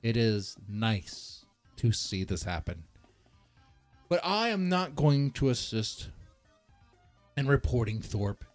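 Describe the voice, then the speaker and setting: A man's voice: mid-range voice, sing-song, takes it slowly, pauses often, soft background music. A man hosting a casual commentary stream, rambling and mocking, with many restarts.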